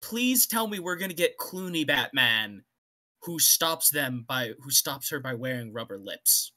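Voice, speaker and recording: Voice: medium pitch, animated, measured pace, pushed and bright. A co-host of a casual comedy show, ranting with exasperated disbelief about the story being read.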